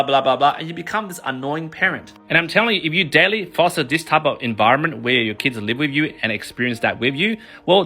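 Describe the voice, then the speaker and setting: A man in his thirties talks to camera about raising kids, energetic and emphatic, with a bright, forceful tone. His delivery is animated, and faint music plays behind him. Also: mid-range voice. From Australia. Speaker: parenting and kids' finance author. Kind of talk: motivational talk to camera.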